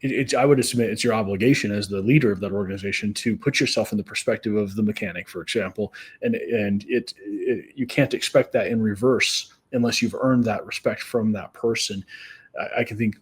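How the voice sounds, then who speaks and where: A man's voice: lowish voice, fairly quick, slightly rough. A middle-aged man hosting a podcast, telling anecdotes with quoted dialogue and often restarting his sentences. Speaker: podcast host. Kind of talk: conversational storytelling.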